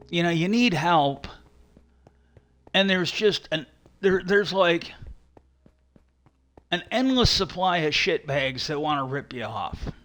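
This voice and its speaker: A man's voice: a little high, bright, forceful tone. A man from Wisconsin, ranting and rambling with profanity on a casual live stream.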